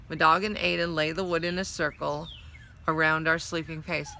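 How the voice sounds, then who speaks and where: A woman's voice: low-pitched, steady tone, moderate pace, vocal fry, pushed and bright. A woman reading a novel aloud, narrating steadily in the first person. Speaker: storyteller.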